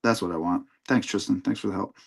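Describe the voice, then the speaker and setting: A man's voice: low-pitched, fairly even intonation, quick pace, gravelly. A man hosting a livestream, talking himself through his digital sculpting steps in casual chat.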